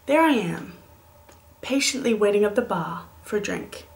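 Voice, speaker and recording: A woman in her late twenties telling a comic story in a vlog, animated and playful, with dramatic whispered asides. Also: medium pitch, moderate pace. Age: late 20s. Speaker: vlogger.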